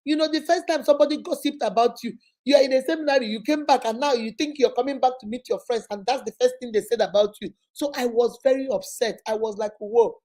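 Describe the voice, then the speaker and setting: A woman with a Nigerian accent telling personal stories in a lively way, acting out what her family said and dropping in Igbo words. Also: fairly high pitch, fast, hardly any pauses. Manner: animated, acts out quoted family members; drops Igbo words into speech. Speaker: motivational vlogger. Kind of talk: personal storytelling monologue.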